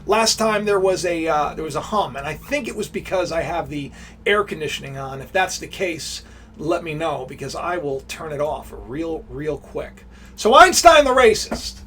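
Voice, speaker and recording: A man's voice: fairly high pitch, normal speed, a bit bright, slight background noise. A man hosting a casual live stream, talking straight to his viewers, greeting them and rambling with frequent restarts. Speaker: livestream host.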